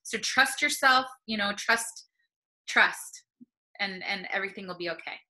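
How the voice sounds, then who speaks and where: A woman's voice: medium pitch, a little slow, sharp tone, rough recording. A woman speaking earnestly and encouragingly on a video call webinar, getting emotional as she talks. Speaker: panelist on plant medicine. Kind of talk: webinar talk.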